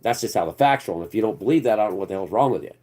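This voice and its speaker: A man's voice: lowish voice, expressive, very fast, dark tone. A man hosting his own political commentary channel, ranting off the cuff in a rambling, sarcastic and profane way.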